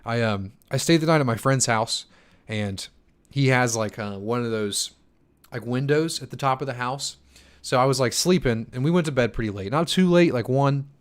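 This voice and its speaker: Answering viewer questions in a casual live-stream Q&A, this crypto channel host speaks at a normal speed with a medium-pitched voice. He's a twenty-something worn out from bad sleep, and his chatty talk is loose, packed with fillers and restarts where he stumbles.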